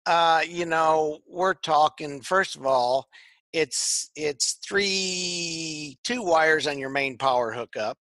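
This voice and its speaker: Male co-host, casual and rambling, crisp bright tone, dry close sound. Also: fairly high pitch, slow, no echo. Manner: rambling, repeats words often. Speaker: podcast co-host. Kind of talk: casual chat. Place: tech shop.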